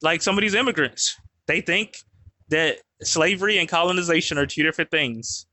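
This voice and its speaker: A man hosting a casual podcast conversation, with a bright, forceful tone and a slightly raised pitch. He talks bluntly, pushes questions at his co-host and circles back over his own words, on a dry close sound. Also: normal speed, no room sound. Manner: blunt, questioning, repeats himself.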